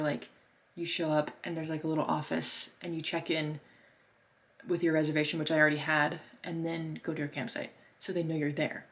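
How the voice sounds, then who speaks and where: A young woman recounts her trip in a relaxed, chatty vlog. Her voice sits a little low. She talks with plenty of fillers and slips into voices when she quotes people. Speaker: artist vlogger. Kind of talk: casual storytelling vlog.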